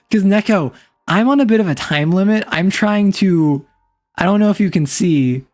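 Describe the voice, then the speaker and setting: A woman's voice: mid-range voice, expressive, a little slow, a little mellow, soft background music. A woman streamer chatting casually and playfully with her chat, laughing often. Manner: playful, giggly, teasing.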